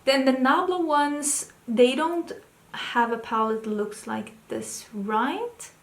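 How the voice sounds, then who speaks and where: A young adult woman vlogger chatting casually and thinking aloud, excitable and full of questions. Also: sits high, slow pace. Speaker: beauty vlogger. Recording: roomy echo.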